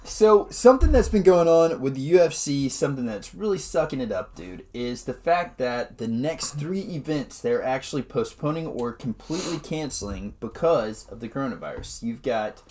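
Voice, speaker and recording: A man co-hosting a podcast in casual chat, animated and laughing often, calling people dude and man. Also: medium pitch, normal speed, hardly any pauses. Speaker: podcast co-host.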